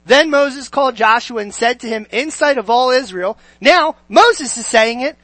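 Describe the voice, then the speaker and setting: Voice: medium pitch, animated, moderate pace, few pauses, no room sound, low-quality recording. Dynamic preacher asking listeners questions. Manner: asks the listeners many questions, sweeping between loud and quiet. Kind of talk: sermon.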